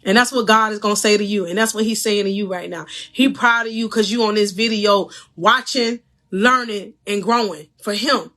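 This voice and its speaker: Fervent, bright-voiced female life coach. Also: mid-range voice, steady tone, moderate pace. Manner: fervent, preachy, addresses viewers directly; laughs between phrases. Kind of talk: faith-based motivational livestream.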